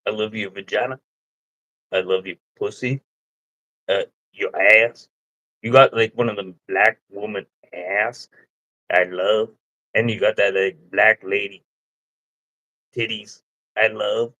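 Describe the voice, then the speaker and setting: A man's voice: lowish voice, fairly even intonation, slow pace, pauses often, sharp tone, dry recording, highs cut off. Drawling, profane male live streamer. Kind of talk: crude live-stream comedy rant.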